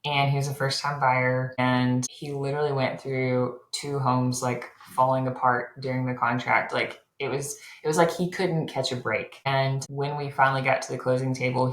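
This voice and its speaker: A woman with a strikingly deep, low voice, talking casually as an interview guest. She tells her stories in a chatty way, leaning on "like" as a filler. The sound is roomy and echoey. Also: level tone, moderate pace. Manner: chatty storyteller, many "like" fillers. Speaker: loan officer guest.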